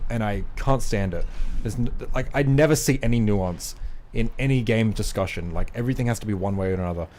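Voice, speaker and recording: A man's voice: fairly low pitch, a little mellow. A male game streamer talking casually while he plays, rambling and opinionated, with lots of fillers and some swearing. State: out of breath. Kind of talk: casual gaming livestream chat.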